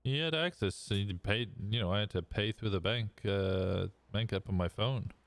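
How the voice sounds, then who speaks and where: A man's voice: lowish voice, moderate pace, dry recording, close to an everyday voice. A man playing a curious character in a game role-play, asking probing questions with a hesitant manner.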